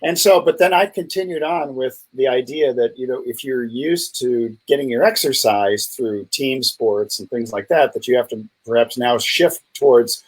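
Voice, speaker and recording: A man's voice: moderate pace, hardly any pauses, low-quality recording. A man co-hosting a casual live health chat over a video call, playful and teasing. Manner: playful, teasing, jumps high in pitch when joking. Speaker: co-host, doctor.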